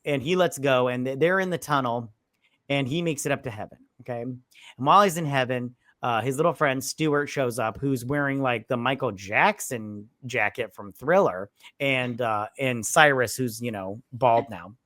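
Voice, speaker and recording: A man's voice: medium pitch, moderate pace, a bit bright, dry recording. A man recapping a film in a loose, rambling way. His delivery is crude and meandering, full of filler. The sound is dry and close, with no room in it. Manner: rambling, crude, keeps slipping into acted-out quotes. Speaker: co-host of a movie review show. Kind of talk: casual chat, retelling a film plot.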